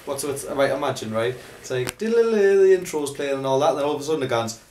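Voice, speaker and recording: A man's voice: mid-range voice, very fast, a little mellow, a little hiss or hum. A man joking around with a friend while filming, throwing in silly sounds. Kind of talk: casual chat.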